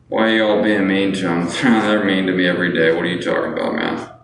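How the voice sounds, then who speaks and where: A man chatting casually on a livestream, rambling and answering viewers, often tacking on "you know what I'm saying". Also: sits low. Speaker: livestreamer asking viewers for money. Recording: echoey room with faint background noise.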